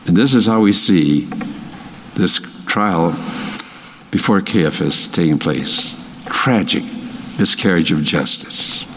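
A man with a Minnesota accent teaching a Bible study, emphatic and animated, his voice jumping in pitch for emphasis. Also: big-room sound, a little hiss or hum.

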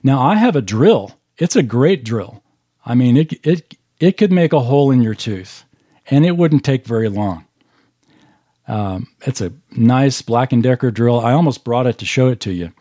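A man's voice: mid-range voice, animated, moderate pace, dark tone, no echo, clean studio sound. A man preaching a sermon as pastor, in a folksy, conversational way, explaining patiently with homely examples and repeated emphasis.

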